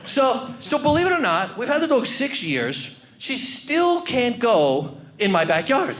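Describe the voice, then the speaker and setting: Lively high-voiced New comedian. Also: male voice, a little slow, few pauses, a crowd in the background. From New York. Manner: animated, with shouted bits. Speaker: stand-up comedian. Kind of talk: stand-up comedy routine.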